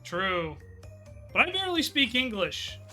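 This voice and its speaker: A man's voice: very high-pitched, big pitch swings, measured pace, bright, forceful tone, faint music behind. A man who is a Twitch streamer, chatting casually and bluntly while he plays a game. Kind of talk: casual gameplay commentary.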